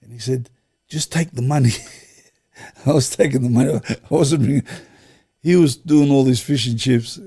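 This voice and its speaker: A man's voice: mid-range voice, moderate pace, warm tone, breathy edge. A middle-aged man, telling long rambling anecdotes as an interview guest, restarting sentences and acting out quoted dialogue. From Australia. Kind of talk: casual storytelling interview.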